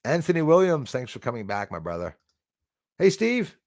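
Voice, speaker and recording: A man's voice: medium pitch, wildly swooping pitch, moderate pace, dry recording, studio quality. A man hosting a live stream in a casual way. He rambles emphatically, with many fillers, and reads out chat comments.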